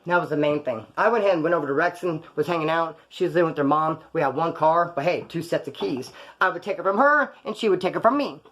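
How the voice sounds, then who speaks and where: This fast talker barely pauses, his voice a little high and somewhat bright. A California man, he tells wild stories about his past in a casual, profane, slangy style, imitating the people in them.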